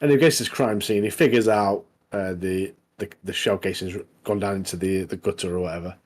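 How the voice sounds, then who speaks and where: A man chats easily with his co-host, often agreeing and chuckling. His voice sits on the low side. He sounds laid-back and unhurried. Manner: relaxed, with short agreeing replies and chuckles. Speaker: podcast co-host. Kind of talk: casual chat reviewing TV shows.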